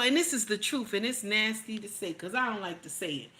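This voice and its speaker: Bright-voiced, blunt woman streamer. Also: mid-range voice, lively intonation, a little fast, few pauses. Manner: blunt, profane, laughs often, reads chat aloud. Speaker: commentator reacting to a clip. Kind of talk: casual live-stream commentary.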